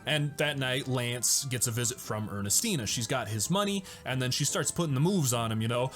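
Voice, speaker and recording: A man's voice: mid-range voice, expressive, a little fast, a bit bright, faint music behind. A man hosting a casual movie breakdown, enthusiastic and chatty and often laughing as he retells scenes. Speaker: host of a movie breakdown show.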